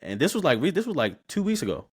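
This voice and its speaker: A man, telling stories as a podcast guest in a loose, slangy, animated way. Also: fairly high pitch, quick pace, slightly rough. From Baltimore, USA. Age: 20s. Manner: animated, slangy, repeats words when starting sentences. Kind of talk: casual interview storytelling.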